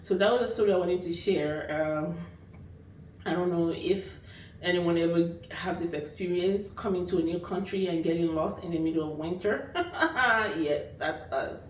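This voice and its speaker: A young woman tells a personal story in a lively, casual way, leaning on fillers as she talks. Her voice carries from a distance in an echoey room, with faint ambient noise under it. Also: on the low side, moderate pace. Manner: animated, full of fillers. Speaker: vlogger.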